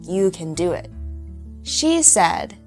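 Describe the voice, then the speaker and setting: Woman, teacher, slow clear lesson narration, faint guitar music behind. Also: lowish voice, sing-song.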